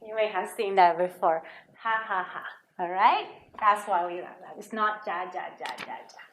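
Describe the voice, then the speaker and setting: A woman's voice: medium pitch, fairly even intonation, a little slow, a bit bright, roomy sound, a little hiss or hum. A woman teaching a Spanish lesson to children, patiently sounding out words and repeating them for students to copy.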